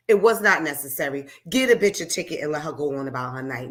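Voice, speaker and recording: A woman hosting a radio talk show, talking off the cuff in a blunt, profane, heated way, dropping to low mutters and then rising to loud outbursts, into a studio microphone. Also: expressive, fairly quick. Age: adult, raising children. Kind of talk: unscripted radio talk monologue.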